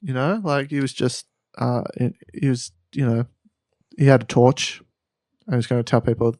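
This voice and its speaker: A man's voice: medium pitch, fairly even intonation, moderate pace, a little mellow, no echo, studio quality. An Australian man co-hosting a comedy podcast, telling a story in a rambling, playful way and correcting himself as he goes. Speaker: podcast co-host.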